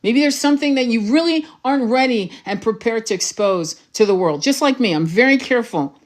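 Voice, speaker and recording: A woman's voice: fairly high pitch, expressive, brisk. A woman tarot reader, raised in France, talking passionately and urgently to her livestream viewers, swearing freely and repeating herself for emphasis.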